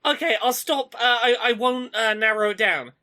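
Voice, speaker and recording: A podcast co-host chatting casually, telling animated stories and laughing easily. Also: medium pitch. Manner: animated storytelling, quick to laugh. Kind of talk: casual chat.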